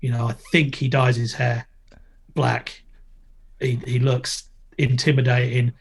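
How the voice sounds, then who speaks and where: A middle-aged man talks through stories in a relaxed podcast chat. His voice has a gravelly, creaky edge, and he keeps things jokey and playful. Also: mid-range voice, measured pace. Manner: jokey, storytelling, loud impressions when quoting. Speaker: guest, former TV presenter and skater.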